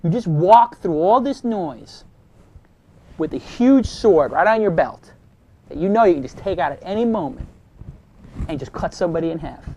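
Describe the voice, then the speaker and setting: A man, speaking to students as the host. He tells motivational stories with punchy sound effects and lively, animated delivery. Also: high-pitched, moderate pace, long pauses. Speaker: host giving a talk to students. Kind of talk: motivational storytelling.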